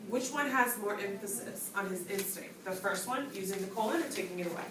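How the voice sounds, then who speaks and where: A woman's voice: medium pitch, fairly quick. A woman teaching a grammar lesson to a class, explaining points and calling on students by name. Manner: instructive, calls on students and asks questions. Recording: echoey classroom, distant mic, background noise.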